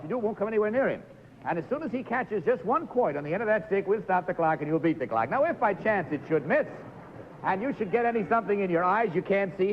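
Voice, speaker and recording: A man hosting a live studio game show, jovially coaxing contestants through stunts in an old 1950s TV recording. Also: sits high. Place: television studio with audience. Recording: dull lo-fi 1950s TV recording, faint hiss.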